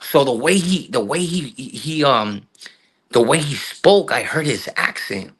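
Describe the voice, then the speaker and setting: Bright-voiced South LA man telling stories. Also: medium pitch, unhurried, husky. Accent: South Los Angeles. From South Los Angeles. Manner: slangy, profane, animated storyteller who acts out quotes. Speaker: guest actor. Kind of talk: casual storytelling interview.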